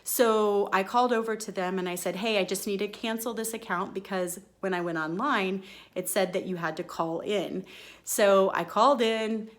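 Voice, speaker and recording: A woman's voice: mid-range voice, normal speed. Chatty woman telling a story. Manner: chatty and expressive, acts out her own quoted lines. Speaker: podcast host. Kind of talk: casual storytelling monologue.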